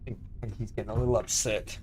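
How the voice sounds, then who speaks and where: Excitable man gaming. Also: lowish voice, fast talker, slight background noise. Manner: excitable, chuckling, playful. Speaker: gaming streamer. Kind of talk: casual multiplayer gameplay chat. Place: home room.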